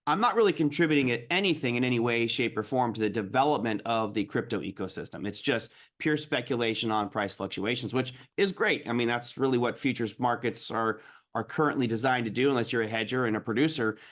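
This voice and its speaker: A man, a guest trader, explaining markets in an animated, casual way. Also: medium pitch, a little fast.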